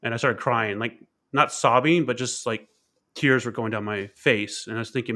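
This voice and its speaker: A man's voice: medium pitch, normal speed, sharp tone. A man, a keynote speaker and author, telling a personal story in an interview in a candid, reflective way, often repeating words and using fillers.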